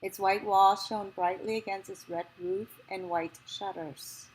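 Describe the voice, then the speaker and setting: A woman reading a memoir passage aloud, in a slow, measured and gentle way. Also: mid-range voice, steady tone, breathy edge, rough recording.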